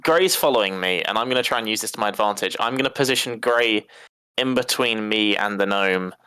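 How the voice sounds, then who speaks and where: A man's voice: lowish voice, a little fast, pushed and bright, smooth, no room sound. A man playing a tabletop game, hesitant and full of fillers. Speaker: player. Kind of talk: casual tabletop game play.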